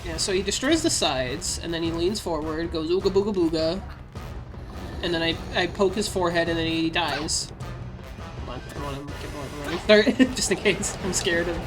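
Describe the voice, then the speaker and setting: A woman's voice: on the low side, brisk, low-quality recording. A woman livestreaming a video game, chatting casually with irreverent, profane jokes. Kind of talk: casual gaming chat. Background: game music.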